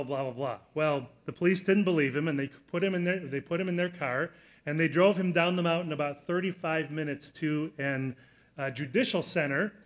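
In a sermon that includes a personal story, a middle-aged man speaks earnestly in a voice a little high for a man. He moves from steady explanation to loud, emphatic peaks to drive his points home.

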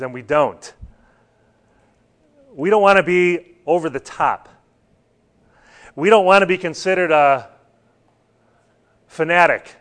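A man's voice: on the high side, fairly bright tone. Earnest man teaching a Bible class. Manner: earnest, questioning the group.

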